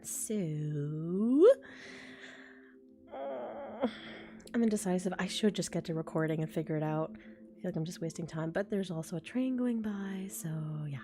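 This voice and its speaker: A woman's voice: fairly low pitch, dark tone. Chatty woman rambling on a live stream. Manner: chatty and rambling, laughs often, thinks aloud. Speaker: ASMR voice creator streaming live. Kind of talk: casual live-stream chat reading comments. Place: home, a train passing outside.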